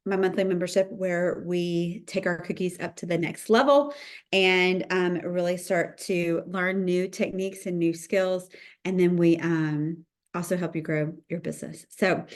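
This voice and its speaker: A middle-aged woman, chatting bubbly and casual as she hosts a livestream cookie decorating lesson and greets viewers by name. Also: mid-range voice. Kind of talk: livestream tutorial chat.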